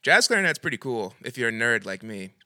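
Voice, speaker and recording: A young man co-hosting a podcast talks in a laid-back, profane way and laughs often. His pitch swings lively and his tone is bright. The recording is dry and close. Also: quick pace, no echo. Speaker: podcast co-host. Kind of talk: casual chat.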